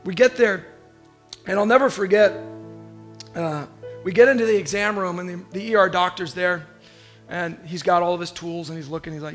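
A man preaching in church. His voice sits high and bright, pushing forward with force as he tells a personal story with animated, emotional delivery. Soft music plays faintly underneath. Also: moderate pace. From Oklahoma. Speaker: pastor.

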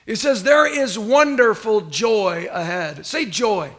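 A pastor from Northern California delivers a sermon in a noticeably high voice for a man. He talks casually but with emphasis, often repeats his phrases, and calls on the congregation to respond. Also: slow pace, fairly bright tone.

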